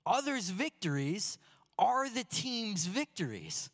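Male pastor, fairly high voice, earnest sermon delivery with slow emphatic lines, reverberant sanctuary sound. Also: very animated, fairly bright tone. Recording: long hall reverb.

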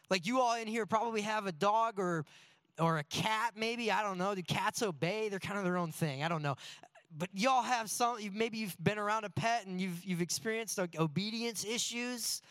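A man's voice: high-pitched, lively intonation, moderate pace, fairly bright tone, dry recording, clean studio sound. A man preaching a sermon in a loose, joking way, full of rhetorical questions. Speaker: pastor.

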